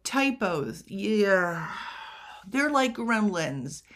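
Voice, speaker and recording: Slow, chatty woman teaching writing. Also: mid-range voice, very animated, a bit bright. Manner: chatty, rhetorical questions, self-deprecating asides. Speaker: writing coach. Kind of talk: casual editing tutorial.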